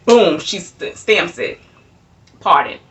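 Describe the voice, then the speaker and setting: Bright-voiced woman telling a story. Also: on the low side, slow pace. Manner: animated, laughing, repeats herself. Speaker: vlogger. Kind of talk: casual storytime. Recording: voice a bit far from mic.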